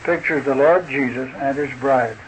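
A man preaching a sermon in a slow, deliberate, folksy way, asking his listeners rhetorical questions. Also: medium pitch, a little hiss or hum, poor audio. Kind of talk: sermon explaining a chart.

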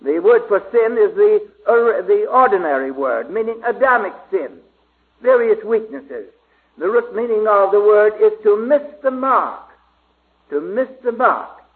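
A man giving a slow, halting Bible study sermon with many pauses and fillers. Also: high voice, animated. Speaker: preacher. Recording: tinny phone-like old recording.

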